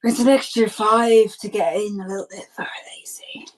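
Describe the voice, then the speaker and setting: A woman's voice: mid-range voice, fairly even intonation, moderate pace, lightly acted, low-quality recording. Old carter, rambles and hesitates; a woman voices him in a tabletop game. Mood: sly. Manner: rambling, hesitant, full of fillers. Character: chatty old male cart driver, coughing.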